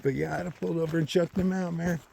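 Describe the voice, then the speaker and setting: A man telling a story outdoors on a hiking trail, ranting and swearing in a loose, animated way that swings from loud outbursts to muttered asides. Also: fairly high pitch, fast, creaky, a little hiss or hum. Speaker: long-distance thru-hiker vlogger. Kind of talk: casual storytelling.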